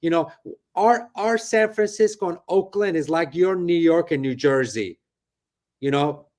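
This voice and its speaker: A man's voice: fairly high pitch, a little slow, a little mellow. A middle-aged man, a real estate broker, chatting animatedly from his office on a video call and tagging his points with "right?". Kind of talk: casual interview talk.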